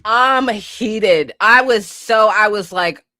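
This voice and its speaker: A woman's voice: medium pitch, slow pace, sharp tone. A woman hosting a podcast, ranting about politics in a heated, profane way and sometimes laughing at herself. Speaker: podcast host.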